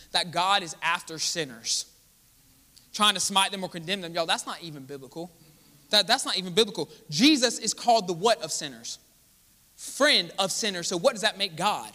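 A man preaching a sermon as pastor, asking the congregation questions and answering them, swinging between loud exclaiming and quiet asides. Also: high voice, lively intonation, fairly quick. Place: large church hall. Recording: long hall reverb.

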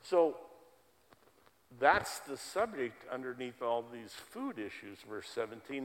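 A man delivers a sermon and presses his points by repeating key words. His voice sits at an ordinary pitch for a man. A long reverb from the church hall trails behind him. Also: sing-song, takes it slowly. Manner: emphatic preaching, repeats words for stress. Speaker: pastor.

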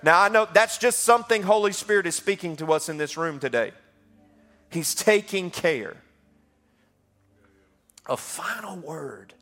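A man's voice: high voice, normal speed, sharp tone. A middle-aged man, a pastor preaching a passionate call-and-response sermon in a church. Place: church sanctuary.

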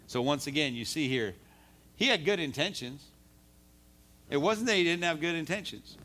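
A man delivers a sermon in a loose, conversational way, repeating himself as he works through his point and reads scripture aloud. His voice sits a little high and sounds bright and forceful. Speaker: preacher. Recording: live service recording.

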